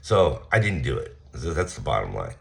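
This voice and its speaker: Low-voiced guy, blunt and profane, telling a story straight to camera. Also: big pitch swings, normal speed, gravelly, a bit bright. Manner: blunt and profane, retelling a confrontation with heated quoted lines. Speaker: vlogger. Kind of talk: casual storytelling rant.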